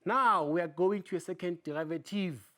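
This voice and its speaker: A maths teacher giving a video lesson, asking rhetorical questions and repeating key terms, often trailing off quietly at phrase ends. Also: medium pitch, normal speed.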